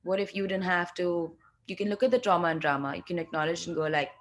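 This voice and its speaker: A woman's voice: lowish voice, steady tone. Chatty woman guiding an exercise on a call. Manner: loose and chatty, with frequent fillers and drawn-out soft instructions. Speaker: facilitator of a group video call. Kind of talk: guided energy exercise, casual. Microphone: video call.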